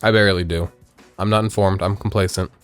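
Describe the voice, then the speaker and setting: A man's voice: low voice, steady tone, quick pace, clear, resonant tone, soft background music. A man in his thirties from Missouri, chatting and joking candidly as he streams a video game. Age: 30s. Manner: rambling, joking, candid storytelling. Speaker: gaming streamer. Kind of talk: casual let's-play commentary.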